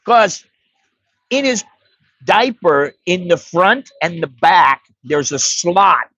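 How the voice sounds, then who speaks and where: A man's voice: high-pitched, animated, slow pace, a bit bright, no echo. An American man telling a rambling, profane story in a blunt, casual way as an expat vlogger. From United States. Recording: dry, slightly dull recording.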